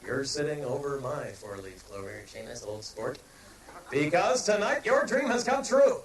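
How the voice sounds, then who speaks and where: A man's voice: mid-range voice, very animated, moderate pace, very noisy, lightly acted. An actor playing a cheeky computer-generated male TV host who stutters and repeats words in glitchy bursts and teases his guest. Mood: teasing. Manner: cheeky, teasing, flirty banter. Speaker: talk show host.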